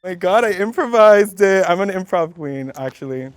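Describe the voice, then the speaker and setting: A man's voice: sits high, expressive, normal speed, faint music behind. A man of Cuban heritage, a drag queen contestant, talking playfully and gushing in a confessional interview.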